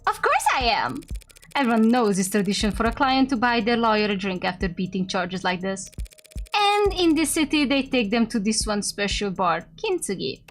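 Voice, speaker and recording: A woman's voice: on the high side, very animated, soft background music. A woman reading as a brash, teasing lawyer. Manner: wry, teasing, quick. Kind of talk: reading visual novel dialogue aloud.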